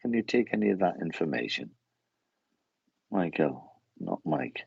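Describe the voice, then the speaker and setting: Low husky man, medium giving a reading, halting and repetitive, dull lo-fi sound. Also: big pitch swings, no room sound. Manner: halting, repeats words while relaying messages.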